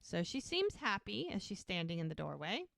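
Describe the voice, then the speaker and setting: A woman's voice: medium pitch, big pitch swings, normal speed, vocal fry, a bit bright, no echo. A woman co-hosting a podcast, casually retelling TV scenes and quoting the characters' lines. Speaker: podcast co-host recapping episodes. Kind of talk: casual recap chat.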